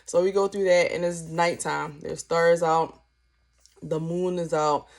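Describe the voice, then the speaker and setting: Young woman, parenting class instructor, casual chatty delivery, a bit low-pitched. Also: a little slow. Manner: chatty, peppered with "like", acts out questions with lively inflection.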